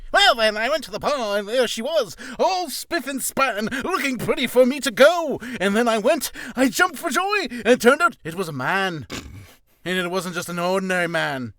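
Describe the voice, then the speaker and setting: A man putting on an overexcited fellow blurting out a wild bar story, loud and squealing. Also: very high-pitched, lively intonation, moderate pace, no echo, clean studio sound, voice pushed up, heavily acted. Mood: manic.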